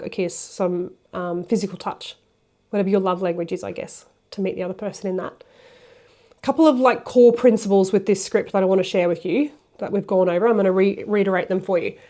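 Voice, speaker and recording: A woman's voice: medium pitch, dark tone. Brief: young woman, relationship coach, blunt and casual, talks straight to camera. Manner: frank and blunt, with casual swearing.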